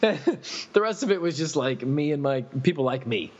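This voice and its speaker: A man's voice: on the high side, normal speed, slightly rough. A man casually retelling a story, swearing and laughing as he acts out the people in it. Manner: laughing, profane, animated retelling. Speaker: podcast storyteller. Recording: dull recording with long reverb.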